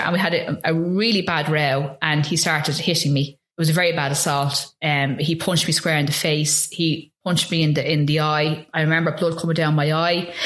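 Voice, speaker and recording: A low-pitched woman from Ireland telling her story as an interview guest. She speaks earnestly and haltingly, restarting phrases and acting out past conversations as she goes. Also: fairly bright tone, reverberant. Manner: earnest and halting, with frequent restarts and re-enacted dialogue. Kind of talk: recounting a personal ordeal in an interview.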